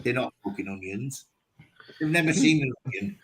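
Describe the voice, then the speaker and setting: A man, bantering loosely on a live show, swearing freely and laughing often as his pitch jumps. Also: very animated, normal speed, rough recording. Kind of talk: rowdy casual banter.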